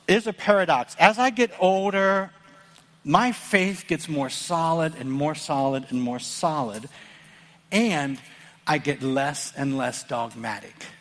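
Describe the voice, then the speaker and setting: A man's voice: on the high side, a bit bright. A middle-aged Midwestern pastor preaches earnestly to his congregation, his slightly raised voice carrying a long hall reverb. He talks plainly and conversationally, often restarting his sentences as he drives each point home. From American Midwest. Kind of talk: sermon.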